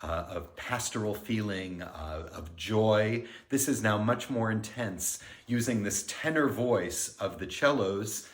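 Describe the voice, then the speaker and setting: A middle-aged man, a music director, giving a pre-concert talk and explaining the music in an unhurried, friendly lecturing way. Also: on the low side. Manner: explanatory, counts beats aloud and sings themes. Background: piano.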